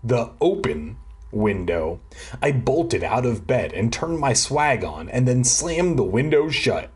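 A man with a husky, medium-pitched voice reads a children's horror book aloud at home, very animated but unhurried. It's a comic drunk read-aloud, broken up by sarcastic asides mocking the text and chatter about his drink.

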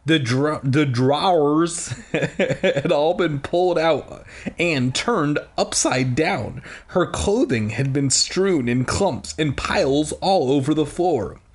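A young man reading a storybook aloud with an irreverent, joking manner, throwing in crude ad-libs. His voice sits fairly high and moves a lot, and he reads slowly. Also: animated. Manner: irreverent, ad-libbing crude jokes. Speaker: storybook reader. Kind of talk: casual storybook read-aloud with asides.

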